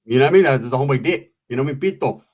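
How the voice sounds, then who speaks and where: Husky-voiced man telling rambling stories. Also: mid-range voice, expressive, racing, a little mellow. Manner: rambling, profane, with frequent asides and laughs. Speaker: storyteller. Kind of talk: casual profane storytelling.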